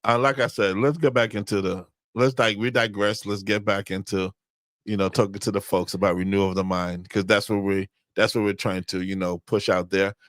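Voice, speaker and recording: A man's voice: lowish voice, flat delivery, a little fast, a bit bright, no room sound, studio quality. A man co-hosting a marriage podcast in casual chat, easygoing, often stopping and restarting his sentences. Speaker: podcast co-host.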